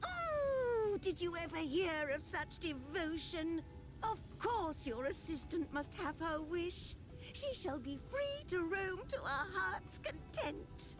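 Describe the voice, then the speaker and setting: A woman's voice: sing-song, music in the background, heavily acted. A gushing pampered noble lady. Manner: high tremulous gushing, drawn-out exclamations.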